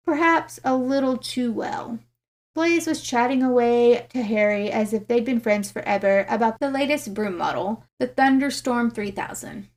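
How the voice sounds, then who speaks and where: A woman narrating fan fiction aloud, in a steady storytelling manner. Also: a little high.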